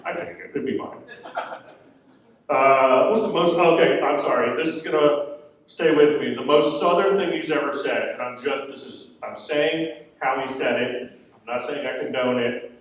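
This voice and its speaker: A man's voice: medium pitch, moderate pace. A man from Florida doing a stand-up comedy set on stage, talking in a wry, conversational, self-deprecating way. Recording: echoey club from a distance. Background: audience laughter.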